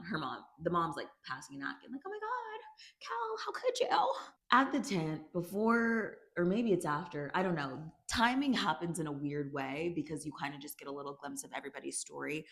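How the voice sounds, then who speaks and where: A woman with a notably low voice talks through a TV season recap in a loose, chatty way. She is animated and now and then stops the story to react out loud. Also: vocal fry. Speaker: YouTube recap host. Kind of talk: casual TV recap vlog.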